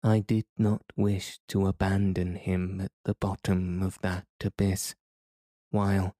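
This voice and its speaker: A man calmly reading a bedtime story aloud in a soothing way as a podcast narrator. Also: sits low, measured pace, no room sound, clean studio sound. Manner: calm, soothing.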